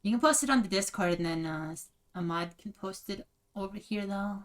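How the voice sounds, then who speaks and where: A woman's voice: medium pitch, fairly quick. A woman streaming a video game and chatting casually with frequent laughter. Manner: chatty, giggly.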